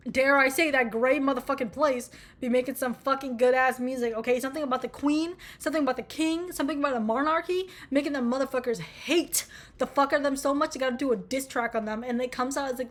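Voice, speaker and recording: Young woman, American, casual vlog chat, rambling, profane, self-mocking, slightly high pitch. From United States. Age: young adult. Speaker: vlogger.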